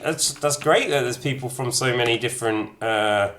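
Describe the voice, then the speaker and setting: A man's voice: mid-range voice, normal speed, a bit bright, faint music behind. A man casually chatting to his live-stream viewers as he plays a game, reading out their comments with jokey asides. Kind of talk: casual live-stream chat while gaming.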